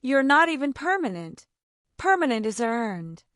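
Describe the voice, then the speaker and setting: A woman's voice: high-pitched, very animated, unhurried, a bit bright, smooth, no room sound, clean studio sound, full character voice. A woman voicing a stern middle-aged immigrant father who speaks firmly and disapprovingly in a narrated story. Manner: firm, disapproving.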